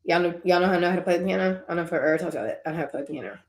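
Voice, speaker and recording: This faith vlogger is a young woman whose voice is on the low side and darkish in tone, and she speaks very fast in a roomy space. Conversational and tearful, she strays onto tangents and laughs between thoughts.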